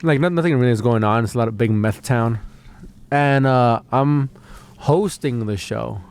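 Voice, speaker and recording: A man's voice: mid-range voice, moderate pace, darkish tone, smooth. A man, a stand-up comedian, telling a rambling story in casual podcast chat, full of fillers, restarts and swearing.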